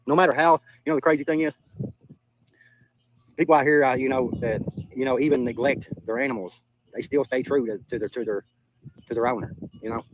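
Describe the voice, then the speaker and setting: Brief: young Southern US man, quick, blunt streamer, curses freely, repeats lines, mid-pitched voice. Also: a little hiss or hum, poor audio. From Southern United States. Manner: blunt, profane, repeats himself. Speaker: livestreamer reading chat. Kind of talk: casual livestream chat.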